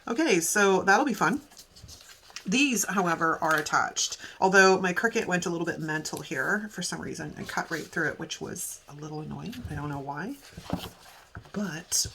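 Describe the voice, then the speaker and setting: A woman's voice: lowish voice, moderate pace, fairly bright tone, a little hiss or hum. A young adult woman chatting casually as she plans, giggling and thinking aloud in a playful put-on accent. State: sore back. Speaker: planner vlogger. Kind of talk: casual plan-with-me chat.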